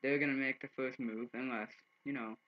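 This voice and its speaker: A teenage boy rambles through a story to his webcam, loose and profane, full of fillers. His voice sits at an ordinary pitch for a young man. The audio is a little dull and lo-fi. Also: steady tone, fairly quick. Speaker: vlogger. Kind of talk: casual storytelling vlog.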